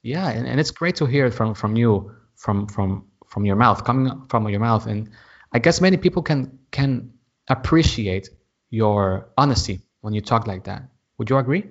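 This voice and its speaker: A man's voice: medium pitch, expressive, moderate pace. Hesitant man hosting a podcast. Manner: hesitant, repeats words, searches for English words. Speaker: podcast host. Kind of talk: casual podcast interview. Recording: slightly muffled audio.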